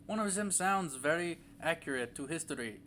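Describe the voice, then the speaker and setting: A man's voice: a little high, lively intonation, normal speed, sharp tone, a little hiss or hum. A young man giving a casual, rambling movie review, full of fillers and restarts.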